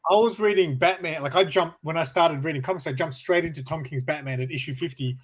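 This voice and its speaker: A man with a notably high voice chats about things he loves with real enthusiasm. He tells stories eagerly and laughs easily. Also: fast, a crowd in the background. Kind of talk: casual chat.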